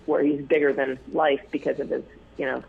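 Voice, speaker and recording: A man telling stories as an interview guest, rambling with many fillers and restarts, his voice gravelly and husky. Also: medium pitch, little pitch movement, fairly quick. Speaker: news photographer, interview guest. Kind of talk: casual interview storytelling. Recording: tinny phone line.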